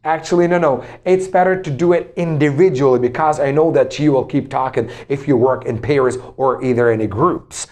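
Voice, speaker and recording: A man's voice: medium pitch, darkish tone. A male English teacher giving a pronunciation lesson, drilling each word over and over. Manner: slow, drills words with many repetitions.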